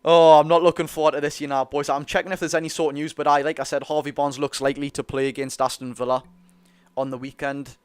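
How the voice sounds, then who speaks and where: This football fan streamer is a young man from North East England with a Geordie accent, his quick, clear, resonant voice sitting on the high side with no room sound. Chatty and excitable, he reads viewers' comments aloud during a live watch-along.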